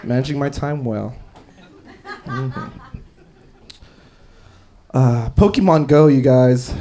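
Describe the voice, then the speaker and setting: A man's voice: medium pitch, expressive, slow, pauses often, dark tone. A young man doing a stand-up comedy set, telling stories with lots of fillers and laughing along. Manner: storytelling, with frequent fillers and laughs. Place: comedy club stage.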